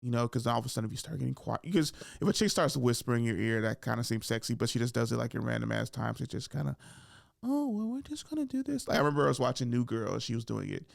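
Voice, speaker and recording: A man hosting a podcast, slangy and profane, telling animated stories and acting out quotes. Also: medium pitch, racing, creaky, hardly any pauses, dry recording, clean studio sound. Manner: animated storytelling, acts out quotes and drops into whispers. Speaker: podcast host. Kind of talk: casual podcast chat.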